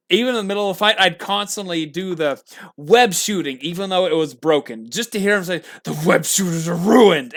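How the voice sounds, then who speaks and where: A young man co-hosting a casual game review podcast, excitable and prone to acting out lines in loud bursts. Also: a little high. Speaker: podcast co-host.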